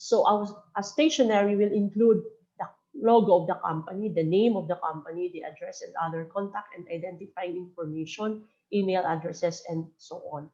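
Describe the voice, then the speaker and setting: A woman's voice: on the low side, fairly even intonation, normal speed, dark tone, dull audio. A woman trainer from the Philippines, giving a webinar lecture and often checking in with "okay?" while switching between English and Bicol. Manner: mixes English with local Bicol phrases, frequent "okay?" checks. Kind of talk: webinar lecture on phone and letter etiquette.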